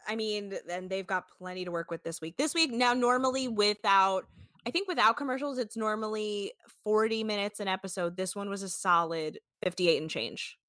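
A woman hosting a casual recap podcast, animated and swearing, acting out quotes as she retells scenes. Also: medium pitch, normal speed, no room sound, clean studio sound. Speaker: podcast host.

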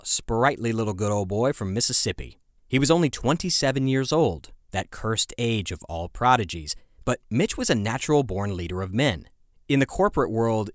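A man's voice: medium pitch, no room sound, studio quality. A man hosting a history podcast, telling the story in a conversational way with asides to his listeners. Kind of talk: scripted history narration.

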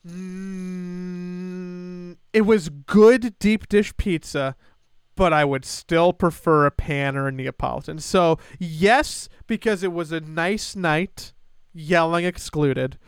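Smooth-voiced young man telling stories. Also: high voice, slow pace, dry recording, clean studio sound. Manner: animated, stammering restarts and laughing asides. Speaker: podcast co-host. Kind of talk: casual storytelling chat.

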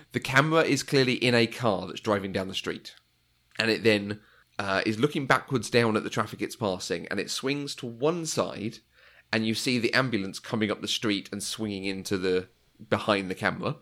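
A man with a slightly low voice chats casually about films. He is enthusiastic, laughs often and sometimes slips into quoted lines. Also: fairly bright tone. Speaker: podcast co-host. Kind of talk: casual film discussion.

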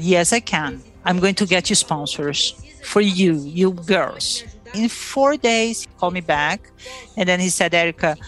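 A Brazilian woman, a native Portuguese speaker and former player, tells her own story with feeling in a mid-range, slightly bright voice. She acts out the dialogue, quoting conversations as she recounts what happened.

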